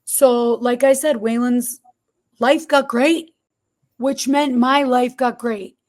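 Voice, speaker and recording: Animated high-voiced woman. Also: slow pace. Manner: animated, expressive storytelling with quoted dialogue. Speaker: podcast guest, barber shop owner. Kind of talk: storytelling interview.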